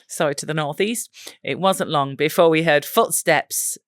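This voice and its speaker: English woman, podcast co-host, lower voice, giggly storytelling, dry studio sound. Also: moderate pace, dry recording. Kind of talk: casual chat, reading listener stories.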